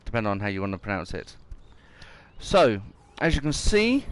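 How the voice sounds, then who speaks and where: A man's voice: fairly low pitch, sing-song, normal speed, clean tone. Rambling man narrating gameplay. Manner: rambling, reads mission text aloud. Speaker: gameplay commentator. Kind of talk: casual gameplay commentary.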